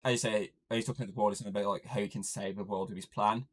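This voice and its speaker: Low-voiced man recapping a film. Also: fairly even intonation, fast. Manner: swears freely, plot-recapping, jokey. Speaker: podcast co-host. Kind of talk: casual movie recap chat.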